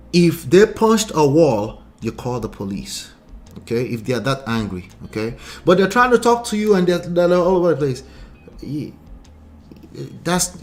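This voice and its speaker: A man hosting a relationship livestream, reading viewer comments and answering with emphatic, repeated points and rhetorical questions. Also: mid-range voice. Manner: laughs often, mocks quoted lines in put-on voices. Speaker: relationship coach and channel host.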